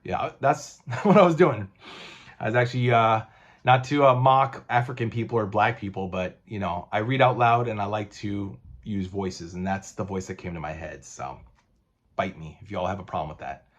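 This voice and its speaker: A man's voice: on the low side, normal speed, lo-fi sound. A man casually reviewing a comic book collection, rambling and swearing, with many fillers and restarts.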